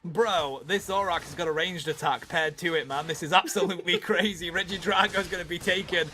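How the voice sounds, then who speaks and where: A man's voice: sits high, fairly quick, bright, forceful tone, a little hiss or hum. A man commentating an esports match in a casual, chatty way, calling his co-caster "mate" and "bro". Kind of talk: colour commentary.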